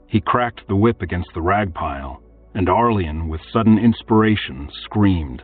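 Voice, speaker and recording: A man narrates a fantasy audiobook in a steady, measured way. His low voice is husky. The sound is tinny and phone-like, as if heard from a distance, with faint music behind.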